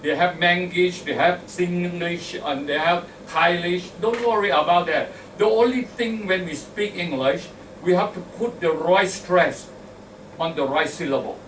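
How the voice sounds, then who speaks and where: A man's voice: high-pitched, a little slow, fairly bright tone. A man with a Thai accent giving an instructive, jokey club speech, acting out pronunciation examples. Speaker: Toastmasters meeting evaluator. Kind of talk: club speech with humorous anecdotes. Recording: echoey room from far off, faint noise.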